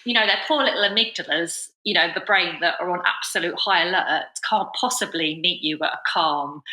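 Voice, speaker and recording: A woman with a low voice hosts a podcast conversation. Her tone is bright and forceful, and she reflects aloud, leaning on "you know" fillers. The sound is roomy and echoey. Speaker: podcast host. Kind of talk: casual conversation.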